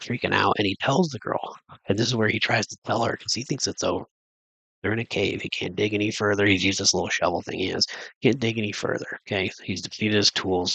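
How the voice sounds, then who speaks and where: A man's voice: lowish voice, vocal fry, fairly bright tone, breathy edge, no echo, rough recording. A man recapping a movie in a casual, rambling way, full of fillers and restarts. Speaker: movie reviewer. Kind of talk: casual spoken film recap.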